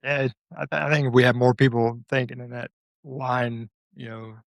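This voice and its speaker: A man hosting a podcast, asking questions in a relaxed, agreeable way. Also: medium pitch, moderate pace, vocal fry, no room sound. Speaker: podcast host. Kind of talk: casual interview.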